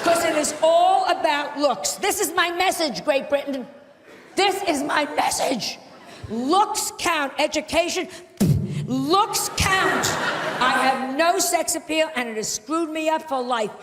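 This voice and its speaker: A woman's voice: high-pitched, unhurried, noisy background. A woman doing a brash, mocking stand-up routine on a large theatre stage. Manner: brash, mocking, punchy delivery. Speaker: stand-up comedian. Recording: archive clip, echoey hall, loud crowd.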